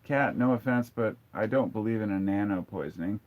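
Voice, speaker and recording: Man, forties, live-stream host; lowish voice, blunt and casual, dull lo-fi audio. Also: brisk. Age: 40s. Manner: candid, blunt, reads viewer comments aloud. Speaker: livestream host. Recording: dull lo-fi sound.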